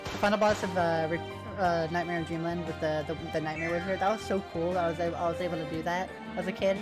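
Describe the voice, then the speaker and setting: A woman's voice: lowish voice, fairly even intonation, quick pace. A woman streamer in casual chat, rambling and sentimental, with lots of fillers. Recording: music playing behind.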